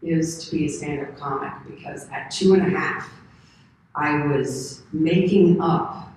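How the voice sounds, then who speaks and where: A woman in her thirties from the United States, a convention panel guest answering questions in a rambling, animated way and laughing often. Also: low voice. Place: large convention hall. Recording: echoey hall from far off, faint noise.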